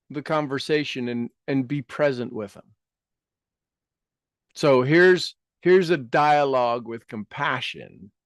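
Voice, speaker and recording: A man with a somewhat high voice leads a coaching talk, walking listeners through exercises. He asks rhetorical questions, repeats key phrases and often drops into quiet asides. The sound is dry, with no room echo. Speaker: speaker leading a self-help talk.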